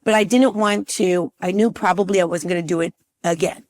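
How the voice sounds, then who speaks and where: A woman in her fifties, a relationship coach talking as a podcast guest, telling a personal story in a lively, chatty way and calling the listener "girlfriend". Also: fairly low pitch, brisk, no room sound, clean studio sound. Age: 50s. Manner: lively storyteller who acts out scenes and calls the listener "girlfriend". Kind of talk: casual interview storytelling.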